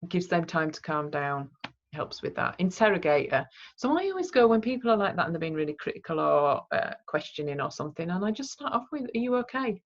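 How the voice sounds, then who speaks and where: A woman with a low, deep-set voice, leading a training session. She talks in a conversational way and acts out the phrases she would use with people. The recording sounds dull and lo-fi. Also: sing-song, fairly quick. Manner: conversational, demonstrates example phrases. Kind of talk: training talk.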